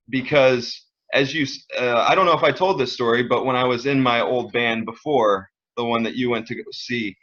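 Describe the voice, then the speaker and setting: A man's voice: medium pitch, fairly bright tone. A young man, a musician guest in a casual interview, talking earnestly and rambling with fillers. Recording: dull lo-fi sound.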